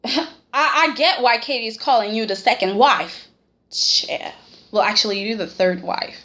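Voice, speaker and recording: A woman casually recapping a soap opera episode in a vlog, animated and sassy, talking straight at the characters and tagging lines with "okay?". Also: on the high side, unhurried.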